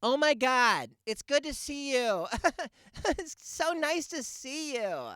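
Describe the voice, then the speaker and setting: A man voicing a frantic, gushing suburban mother yelling from her car window, shrill and breathless, repeating herself over and over. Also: expressive, slow pace, clean tone, no room sound, clean studio sound, full character voice.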